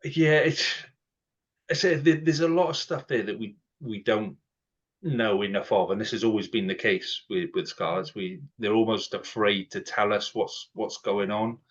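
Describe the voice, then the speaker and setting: A man's voice: fairly low pitch, normal speed. A man co-hosting a podcast in a casual, chatty way, acting out quoted exchanges as he goes. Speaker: podcast co-host. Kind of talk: casual chat. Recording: dull lo-fi sound.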